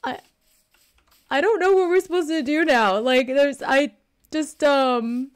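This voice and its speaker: A woman's voice: high voice, a little slow. A young woman streaming a game, talking in a rambling, flustered way and swearing freely as she plays. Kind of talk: live-streamed game commentary.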